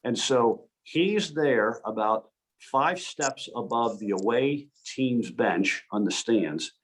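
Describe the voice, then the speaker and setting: A man's voice: mid-range voice, slow. Man telling hockey stories on a video call. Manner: animated, anecdotal, frequent restarts. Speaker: guest speaker, hockey referee. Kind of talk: storytelling presentation.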